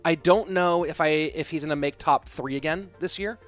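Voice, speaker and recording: A man's voice: a little high, normal speed, soft background music. A man in his thirties casting esports, chatting casually and thinking aloud as he answers viewer questions. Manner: loose and conversational, thinking aloud. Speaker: esports caster. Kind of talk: casual stream chat reading viewer questions.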